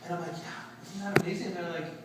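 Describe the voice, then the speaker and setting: A young man telling a lively story to an audience at a reception, acting out the dialogue with laughs. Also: sits high, quick pace. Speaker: speaker at a reception talk. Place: event room, recorded from a distance. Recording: echoey room, far-off mic, background noise.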